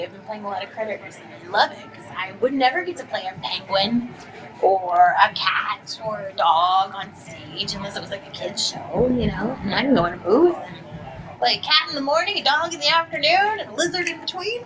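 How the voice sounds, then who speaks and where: A young adult woman, a voice actress, telling bubbly, animated stories at a convention press conference. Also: mid-range voice, low-quality recording. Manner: bubbly, animated storytelling with quick asides. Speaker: voice actress and anime script writer, guest. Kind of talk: casual press conference answers. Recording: music playing in the background.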